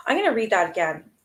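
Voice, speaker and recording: A woman's voice: on the high side, a bit bright. A woman hosting a live stream, reading a book aloud and breaking off to react bluntly to her viewers, often swearing. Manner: blunt, swears freely, greets chat viewers. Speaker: host.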